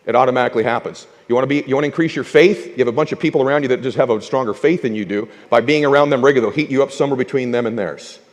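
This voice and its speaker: A man's voice: mid-range voice, very fast, hardly any pauses, big-room sound. A man giving a live motivational talk on stage, telling punchy stories and firing rhetorical questions at the audience. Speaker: motivational speaker.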